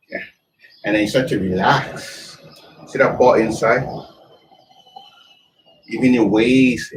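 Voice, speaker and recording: Low, slow-talking man teaching tai chi. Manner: loose, broken phrasing while demonstrating moves. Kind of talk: demonstration lesson. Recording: distant mic with faint background noise.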